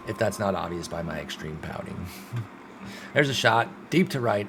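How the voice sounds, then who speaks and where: A young gaming streamer with a deep, gravelly voice calls his own baseball sim game like a play-by-play announcer, speaking unhurriedly over background noise. He swings between sulky frustration and loud, excited outbursts, swearing now and then.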